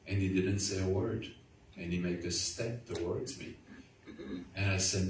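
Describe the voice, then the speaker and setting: Man giving a halting testimony in a roomy hall. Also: low-pitched, fairly even intonation. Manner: halting, repeats words, earnest storytelling. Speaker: guest speaker. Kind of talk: testimony to a church audience. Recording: roomy, far from the mic, faint noise.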